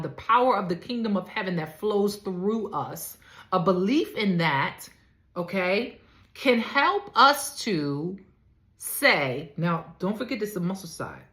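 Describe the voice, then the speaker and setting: A woman's voice: lowish voice, a bit bright. A woman life coach giving emphatic, preacherly faith-based teaching, talking straight to the listeners, in an echoey room.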